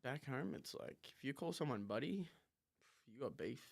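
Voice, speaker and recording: Young Australian man, Australian accent, gravelly edge, animated pitch, laughing casual chat. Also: normal speed, no echo, studio quality. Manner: laughing, animated, self-mocking. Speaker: guest, college punter.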